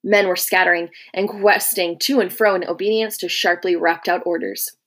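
A woman reads a novel aloud at a steady, measured pace. Her voice sits a little low. It is a calm storybook narration. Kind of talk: storybook reading.

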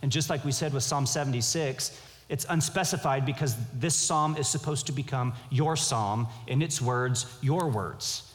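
A man preaching a sermon in an earnest, measured way, often restarting his phrases. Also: medium pitch, in a large hall. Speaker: pastor.

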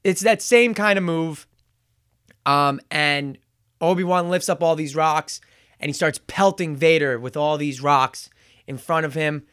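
A man with a fairly high, smooth voice gives a relaxed, chatty recap and review of a show, retelling its scenes at an unhurried pace. He stumbles over words, corrects himself and fills gaps with "um," and the dry, close sound carries no room or echo.

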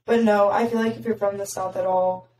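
A young woman with a raspy voice, chatting casually as a podcast host and filling her talk with "like". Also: mid-range voice, steady tone, fairly quick, a crowd in the background. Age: young adult. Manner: chatty, heavy filler "like". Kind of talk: casual chat. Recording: roomy, distant mic.

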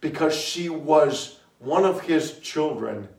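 A man preaching a sermon to a congregation, telling a story with laughter and sudden shouted bursts. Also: on the high side, normal speed. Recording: echoey room, mic far from speaker.

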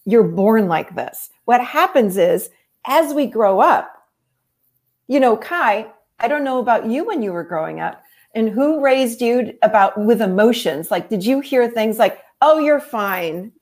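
A middle-aged woman therapist talks through her method in a relaxed interview. Her voice sits a little high, and she speaks in an animated, explanatory way, acting out other people's lines as she goes. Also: measured pace. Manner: animated, explanatory, acts out quotes. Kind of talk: conversational interview.

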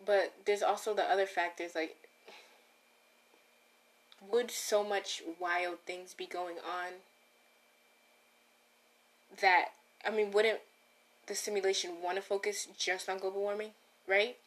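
A woman's voice: mid-range voice, little pitch movement, takes it slowly, long pauses. A woman hosting a casual solo podcast, rambling and breaking off her own sentences as she talks straight to her listeners. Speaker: podcast host.

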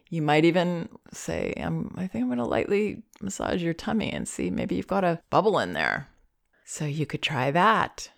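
A woman with a low voice gives parenting advice in a calm, gentle way. She pauses thoughtfully and laughs softly now and then. When she shows how to speak to a baby, her voice lifts and softens. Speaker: parenting podcast host.

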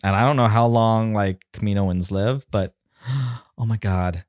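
A man in his thirties chatting casually as a podcast co-host, campy and animated, slipping into squealed voices. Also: fairly low pitch, unhurried, no room sound, clean studio sound. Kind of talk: casual chat.

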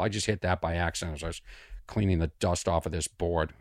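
Male podcast host from Boston, animated storyteller with a lilting, up-and-down delivery in a dead-dry room. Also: mid-range voice, fairly quick, no room sound, soft background music. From Boston, USA. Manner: rambling, animated storyteller with asides and restarts. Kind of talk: casual monologue podcast.

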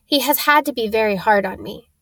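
A woman reading a cold, scheming male wizard teacher in an audiobook, calm and dismissive in manner. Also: fairly high pitch, a little fast, no echo, natural voice.

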